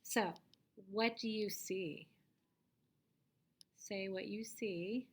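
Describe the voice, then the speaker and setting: A woman teacher giving a reading lesson to young children, patiently asking them questions and sometimes dropping to a soft whisper. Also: mid-range voice, fairly even intonation, drawn-out words.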